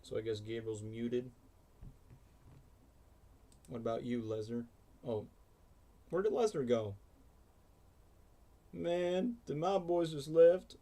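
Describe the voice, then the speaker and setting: A man's voice: medium pitch, slow pace, long pauses, mellow. A man hosting a casual reaction livestream, rambling and chatty, saying "bro" and "like" a lot. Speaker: livestream host. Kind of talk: casual reaction stream chat.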